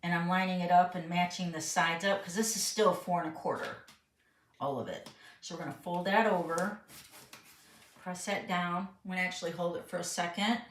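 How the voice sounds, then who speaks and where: A woman's voice: on the low side, steady tone, normal speed, recorded from a distance. A middle-aged woman hosting a live card-making tutorial, walking viewers through each step and reading their questions aloud in a chatty way. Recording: roomy sound, voice a bit off-mic.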